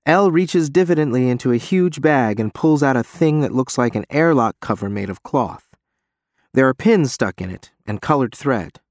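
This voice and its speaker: Man narrating a story, lively up and down voice, dry room. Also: mid-range voice, moderate pace, no room sound. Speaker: audiobook narrator. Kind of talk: scripted narration.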